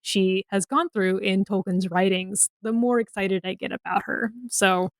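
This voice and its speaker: A woman's voice: medium pitch, steady tone, unhurried, no echo. A woman co-hosting a casual podcast discussion, talking with enthusiasm as she sums up. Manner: enthusiastic, wrapping up with a summary. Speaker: podcast co-host.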